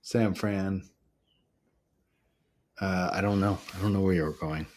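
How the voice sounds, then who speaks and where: A man co-hosting a podcast who chimes in with short, low-key remarks in casual chat. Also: steady tone, a little slow, a little mellow. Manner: brief, low-key interjections. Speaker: podcast co-host.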